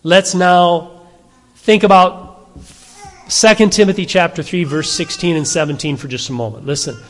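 Male pastor, high-pitched, casual rhetorical sermon style, long hall reverb. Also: fairly even intonation, normal speed. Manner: conversational, asks the audience rhetorical questions.

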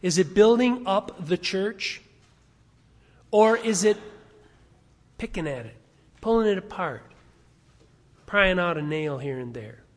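A man's voice: high voice, animated, takes it slowly, pauses often. A man preaching a sermon as pastor, speaking emphatically and stacking rhetorical questions. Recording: long reverb of a large hall.

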